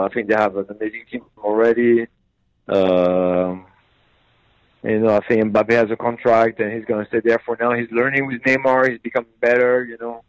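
A man's voice: medium pitch, dry recording, highs cut off. A man chatting casually about football, hesitant, with many fillers and restarts. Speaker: football pundit. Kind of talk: casual sports chat.

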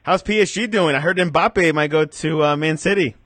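Uomo che fa domande sul calcio, voce asciutta. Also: male voice, a little high, moderate pace, fairly bright tone, no room sound. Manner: asks questions, easily surprised. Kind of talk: casual sports chat.

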